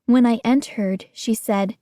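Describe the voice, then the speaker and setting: Slow, dry-voiced woman reading a story aloud. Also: fairly high pitch, steady tone, warm tone, dry recording. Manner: acts out scared young narrator and other characters' lines. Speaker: audiobook narrator. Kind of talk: scripted narration.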